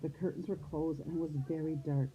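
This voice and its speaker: Low-pitched, brisk, and husky, a preschool teacher reads to young children, performing the story expressively and voicing the characters. It sounds lo-fi, as if captured on a phone.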